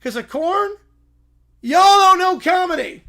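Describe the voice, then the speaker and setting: A goofy young joker who will not stop yelling corn puns. The voice sits high and strained, with a gravelly rasp, and it rushes up to a shout on every punchline. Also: male voice, expressive, exaggerated voice. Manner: shouts the same pun catchphrase again and again. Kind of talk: comedic read-aloud of a viewer prompt.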